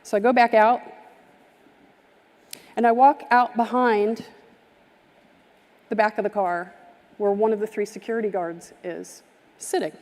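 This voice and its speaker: A woman's voice: mid-range voice, steady tone, measured pace, pauses often, darkish tone. Woman telling a heartfelt story in a hall. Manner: vivid, heartfelt storytelling that acts out the people in the story. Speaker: summit speaker. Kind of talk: storytelling keynote talk. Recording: live stream from a reverberant hall.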